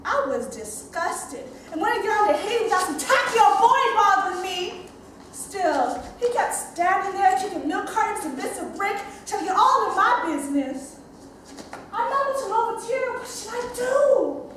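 A woman's voice: extremely high pitch, lively intonation, normal speed, fairly bright tone, a little hiss or hum. A young woman performing a dramatic monologue on stage, telling her story in a vivid, playful way. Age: young adult. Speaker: stage actress. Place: theater stage. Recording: very echoey stage from far off.

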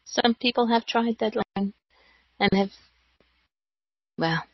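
A woman speaks at a middle pitch in a loose, casual chat, hesitating with fillers and laughing between thoughts. The recording is dry and dull, with a lo-fi sound. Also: slow pace, no room sound. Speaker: co-host.

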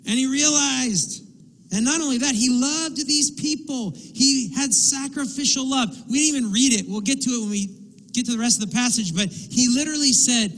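A man's voice: very high-pitched, normal speed, a bit bright. A man preaching a sermon as pastor, impassioned, voicing pleading quotes as he goes. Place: church sanctuary. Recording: long hall reverb.

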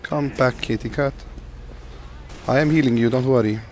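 A man's voice: mid-range voice, normal speed. Gamer guy, sore throat, jokey running commentary over play, faint noise floor. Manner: jokey, excitable, talks to teammates and himself. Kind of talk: gameplay commentary.

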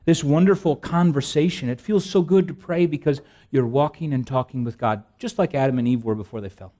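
A man's voice: medium pitch, a little fast, dark tone. A male pastor preaching a conversational sermon, asking rhetorical questions and repeating phrases, with self-deprecating asides. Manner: self-deprecating humor, frequent restarts.

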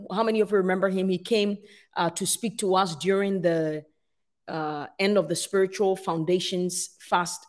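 A middle-aged woman pastor preaching a sermon to her congregation, telling stories and acting out her own past complaints with lively animation. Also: lowish voice. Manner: speaks to a congregation, asks for responses.

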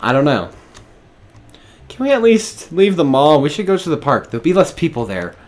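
A man's voice: a little high, big pitch swings, normal speed. A man reading the lines of an embarrassed young woman who wants to get away from the crowd. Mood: uneasy.

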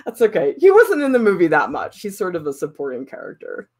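A woman art teacher chatting casually while sculpting, animated and laughing often. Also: fairly low pitch, normal speed.

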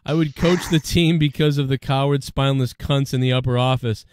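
A man's voice: medium pitch, normal speed, clean tone, no room sound, clean studio sound. A man with a Boston accent hosting a casual podcast chat, rambling and swearing freely. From Boston area, USA. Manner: profane, rambling, excitable. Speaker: show host.

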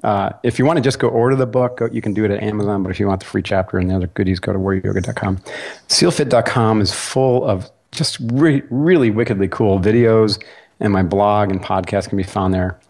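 Gravelly-voiced man guest, relaxed. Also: lowish voice, brisk. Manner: relaxed storyteller, laughs easily. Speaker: podcast guest. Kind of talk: casual interview talk.

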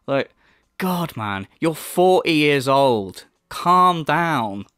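A man hosts a commentary video, his pitch swinging widely as he mocks and scoffs. He swears freely and drifts in and out of sarcastic laughs. The sound is dry and close, with no room around him. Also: expressive, very slow, a bit bright, clear, resonant tone, no echo. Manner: mocking, laughing, swearing, mimics voices. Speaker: commentary channel host.

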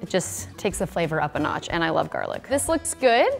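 A woman's voice: fairly low pitch, big pitch swings, a little fast, gravelly, faint music behind. A woman producer reviewing a kitchen gadget in a casual vlog, chatty and playful, thinking aloud with lots of "like"s. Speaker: food video producer testing a kitchen gadget.

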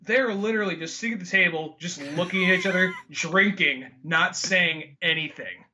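Bright-voiced man recapping a movie. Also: high-pitched. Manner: acts out movie scenes in quick mimicked voices. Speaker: podcast co-host. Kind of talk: casual movie discussion.

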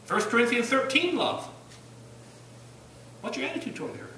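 Lively preacher man in an echoey church. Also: moderate pace, slight background noise. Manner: rising to loud bursts then dropping low, rhetorical questions. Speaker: pastor. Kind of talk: sermon. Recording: echoey church room from a distance.

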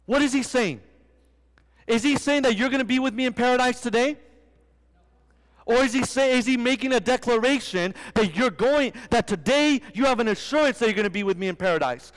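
High-voiced young preacher in a reverberant hall. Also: male voice, a little fast. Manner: asks the congregation rhetorical questions. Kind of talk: sermon.

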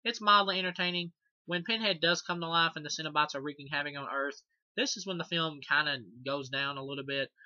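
A man's voice: on the high side, brisk, bright, forceful tone, dry recording. A man reviewing a horror movie in casual, rambling talk, swearing a lot and laughing at the film. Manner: rambling and profane, many fillers and restarts. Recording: dull, dry lo-fi sound.

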